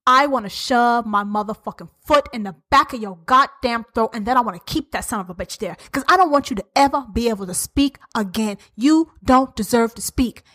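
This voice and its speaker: A woman's voice: high-pitched, a bit bright. A woman hosting her own podcast, ranting bluntly and profanely in an uncensored solo talk. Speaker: podcast host.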